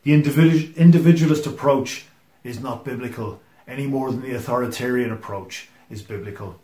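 A man preaching a sermon, earnest and emphatic, often letting his sentences fall to a quiet finish. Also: mid-range voice, fairly quick, roomy sound. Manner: earnest and emphatic, often dropping to a hushed close. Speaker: pastor.

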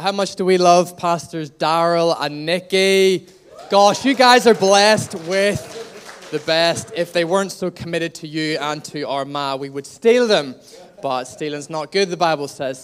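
A young man from Northern Ireland, with a slightly anglicized Northern Irish accent, preaches a sermon to a church congregation, joking with them in a lively way. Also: fairly high pitch, a little slow. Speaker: pastor. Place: church hall.

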